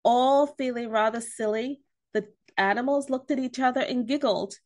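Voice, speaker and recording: A woman reading a picture book aloud to children, gentle and expressive. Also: fairly high pitch, normal speed. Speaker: storyteller.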